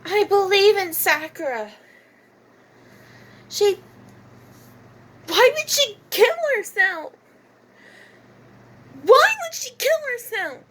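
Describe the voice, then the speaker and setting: A woman voicing an earnest, emotional athletic teenage girl who pleads in a high, upset voice. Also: animated, slow pace, long pauses, a bit bright, full character voice. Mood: distraught.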